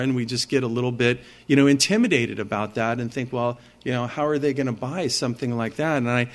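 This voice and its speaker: A man preaching a sermon, talking earnestly and conversationally as he explains the passage. His voice sits at an ordinary male pitch. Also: fairly bright tone. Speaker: pastor.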